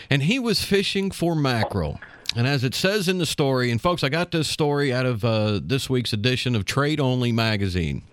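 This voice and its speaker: Man, radio co-host, rambling storyteller, lots of ums and chuckles, mid pitch, very dry sound. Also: sing-song, normal speed, a bit bright, no echo. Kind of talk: casual radio banter.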